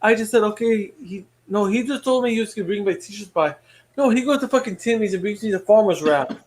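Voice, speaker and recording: A man's voice: high-pitched, brisk. A man chatting casually, rambling and stumbling through personal stories. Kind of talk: casual chat.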